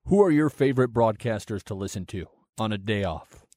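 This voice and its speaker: A man interviewing a broadcaster, asking brief, measured questions. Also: lowish voice, expressive, dark tone, dry recording, studio quality.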